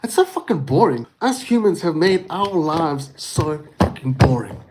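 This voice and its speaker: A man ranting on his own livestream in a loose, unfiltered monologue. He is very expressive, swears often and drops "dude" and "bro" into nearly every thought. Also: fairly high pitch, a little slow, noisy background.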